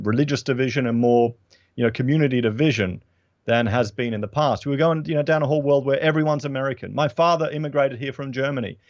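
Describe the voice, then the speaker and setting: A man's voice: mid-range voice, a little mellow, no echo, dull audio. A man with an Australian accent, a guest in a casual political chat, giving long, earnest opinions.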